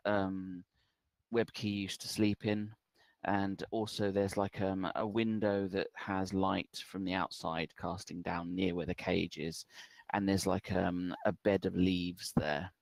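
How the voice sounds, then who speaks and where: A man narrating as the game master of a tabletop game, relaxed and full of ums. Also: low-pitched, gravelly, slight background noise.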